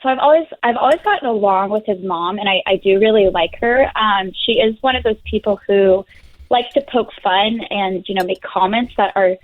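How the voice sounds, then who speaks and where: A woman's voice: mid-range voice, fairly quick, dry recording. Hesitant young woman caller on a tinny phone line. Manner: hesitant, many ums and restarts, near tears. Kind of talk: phone-in call.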